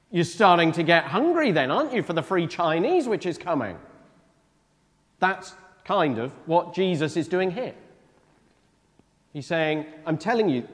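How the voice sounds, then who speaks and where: A male preacher delivering a sermon in a church, with a lively, rising-and-falling delivery. He talks casually and keeps checking in with his listeners. A long hall reverb trails his words. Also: a little high. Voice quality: conversational, asks the congregation questions.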